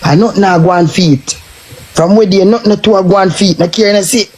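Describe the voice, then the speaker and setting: A man's voice: high voice, a little fast, a little mellow, poor audio. A man with a Jamaican accent, ranting and taunting in a cursing live stream tirade.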